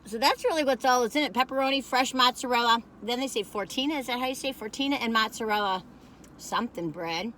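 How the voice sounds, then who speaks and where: A woman's voice: fairly high pitch, fast, pushed and bright, a little hiss or hum. An older woman, rambling in a folksy, chatty way as she reviews food on a phone camera in a parked car.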